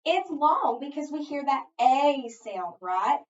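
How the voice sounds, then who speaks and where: In a distant, echoey room with a dull sound, a woman teaches a phonics lesson slowly and patiently, posing questions and answering them herself. Her voice is high and swings widely in pitch.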